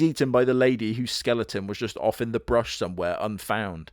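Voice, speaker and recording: A man hosting a comedy video, giving sarcastic, crude, deadpan commentary on a horror show. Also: on the low side, a little fast, no echo. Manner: dry, crude, deadpan jokes.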